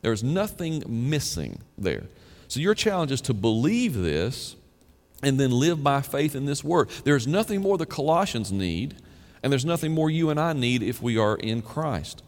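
A man delivers an earnest sermon, reading scripture passages aloud with emphasis. His voice sits at an ordinary middle pitch. The sound carries a long reverb, as in a church sanctuary. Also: big pitch swings, a little slow. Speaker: pastor.

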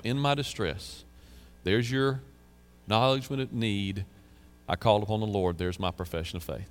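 A man's voice: on the low side, normal speed. Pastor guy giving a sermon, earnest, repeats himself a lot, sounds like a big echoey hall. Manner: earnest preaching, reading psalms aloud with emphasis; conversational asides, repeats phrases.

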